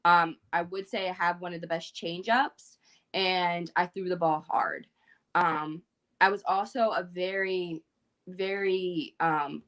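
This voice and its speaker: A young woman, a former softball pitcher, chatting casually as a guest on a video-call interview, with frequent fillers and light laughs. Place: room at home.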